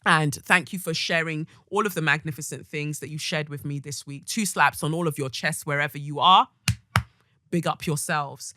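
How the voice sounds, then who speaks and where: A woman's voice: deep voice, fairly even intonation, a little slow, bright, forceful tone, no echo, studio quality. A woman hosting a podcast, talking candidly and reflectively about her feelings and acting out the voices she quotes. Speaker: podcast host. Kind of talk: candid solo podcast monologue.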